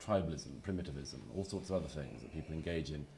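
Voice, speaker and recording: A man's voice: very deep voice, lively intonation, fast, dark tone, slight background noise. A man giving wry, articulate, polemical remarks as a speaker on a debate panel.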